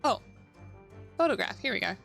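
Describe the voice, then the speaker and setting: Bright-voiced young woman game streamer. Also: fairly high pitch, animated, moderate pace, gravelly. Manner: loud exasperated reactions, swearing, frequent laughter. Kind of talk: live game stream, reading game dialogue aloud and reacting. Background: background music.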